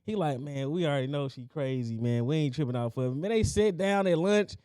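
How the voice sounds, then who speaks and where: A man's voice: on the high side, fairly quick, dark tone, clear, resonant tone, no room sound, studio quality. A man co-hosting a podcast, telling a childhood story in casual chat and acting out the quotes. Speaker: podcast co-host.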